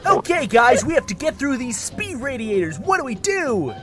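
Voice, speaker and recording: A man voicing a shrill, manic cartoon character who yells crude, random insults. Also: very animated, normal speed, over music. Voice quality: squeaky, yelling insults. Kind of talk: amateur cartoon voice acting.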